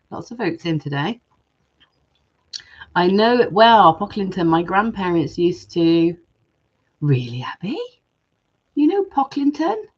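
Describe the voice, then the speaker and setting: A woman's voice: on the low side, big pitch swings, measured pace, long pauses, lo-fi sound. A woman hosting a live jewellery-making stream, chatting casually and reading viewer comments aloud.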